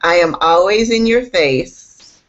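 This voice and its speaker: A woman's voice: lowish voice, expressive, slow pace. Bubbly enthusiastic woman, muffled audio. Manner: bubbly and enthusiastic, laughs often. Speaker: instructional technology specialist. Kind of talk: casual interview conversation.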